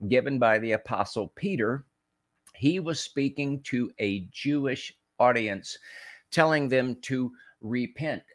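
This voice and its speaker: A man hosting a talk program, reading scripture and preaching commentary in an emphatic way, often restarting and repeating words and slowing down to stress key phrases. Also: mid-range voice, a bit bright, dry recording, clean studio sound. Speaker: host of a political talk show.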